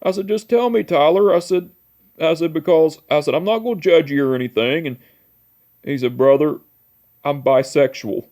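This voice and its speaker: This twenty-something man speaks at a fairly high pitch and normal speed, his tone darkish. Emotional and heartfelt, he rambles through a story for a personal memorial vlog, leaning repeatedly on "you know" and "I said."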